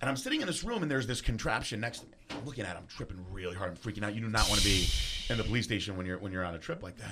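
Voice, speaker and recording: Male storyteller, quick and bright, acts out every quote, salty language. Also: on the low side, slightly rough. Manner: animated, acts out quoted voices, swears freely. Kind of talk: casual storytelling.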